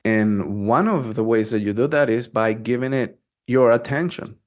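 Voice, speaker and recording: A man's voice: medium pitch, normal speed, darkish tone. A man hosting a podcast interview, talking through ideas and often checking in with "right?". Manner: thoughtful, restarts sentences, asks "right?". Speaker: podcast host. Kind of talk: casual interview talk.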